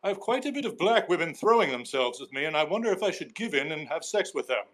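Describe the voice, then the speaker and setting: A man's voice: on the high side, very animated, quick pace, a bit bright. A man calling in to a talk show, speaking in a Mid-Atlantic accent with stilted, formal phrasing. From New York City. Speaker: caller. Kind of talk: call-in trolling.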